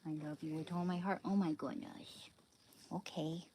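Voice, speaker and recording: A woman livestreaming from her kitchen at home, cooing and whispering softly to her dog and chatting loosely with viewers. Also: on the low side, normal speed. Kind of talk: casual livestream chat. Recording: clear steady background noise.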